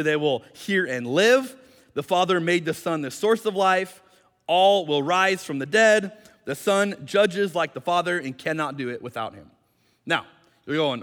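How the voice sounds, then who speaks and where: High-voiced pastor in a reverberant hall. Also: male voice, fairly bright tone. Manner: conversational, explanatory, lightly joking. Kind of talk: sermon. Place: church sanctuary.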